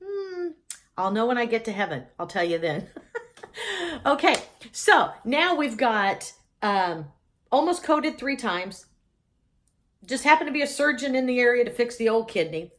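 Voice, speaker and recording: A woman's voice: fairly high pitch, lively intonation, normal speed, fairly bright tone. A middle-aged woman telling a personal story with humor, laughing often.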